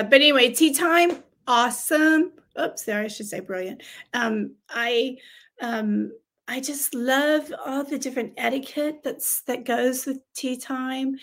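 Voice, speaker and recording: A bubbly American woman co-hosting a relaxed chat show. Her fairly high voice carries a gravelly fry, and she laughs often between chatty, filler-strewn thoughts. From United States. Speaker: co-host. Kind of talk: casual chat show conversation.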